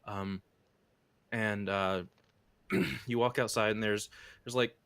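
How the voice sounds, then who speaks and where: Rambling low-voiced man as game master. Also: takes it slowly, vocal fry, fairly bright tone, smooth, no echo. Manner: rambling, many fillers and restarts. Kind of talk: narrating a tabletop game.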